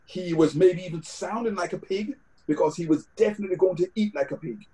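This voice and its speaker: A man's voice: sits high, fairly quick, warm tone, rough recording. A man with a British accent preaching a sermon over a video call, conversational, with scripture quotes and fillers. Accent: British English.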